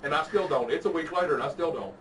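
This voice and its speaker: A man's voice: a little high, fast talker. A man telling a story in casual chat, laid-back and profane. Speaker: podcast host telling a story. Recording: distant mic with background noise.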